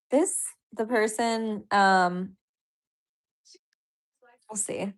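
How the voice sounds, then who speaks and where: A woman's voice: medium pitch, extremely slow. Woman streamer rambling w her chat, reads comments out, laughs a lot. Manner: chatty, reads viewer comments aloud, laughs often. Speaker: livestream host. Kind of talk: casual live-stream chat.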